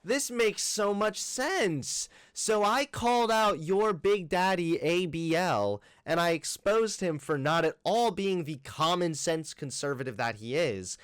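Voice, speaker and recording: A man's voice: high voice, animated, measured pace, hardly any pauses, a bit bright, smooth, no room sound, studio quality. A young man hosting a reaction commentary, mocking and sarcastic, swearing freely. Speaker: commentary host. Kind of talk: reacting to a video.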